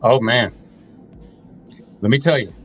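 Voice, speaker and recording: A man's voice: medium pitch, takes it slowly, a bit bright, lo-fi sound, a little hiss or hum. A middle-aged man co-hosting a reaction talk, emphatic and blunt, laying out his points one by one. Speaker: co-host. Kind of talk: opinionated reaction commentary.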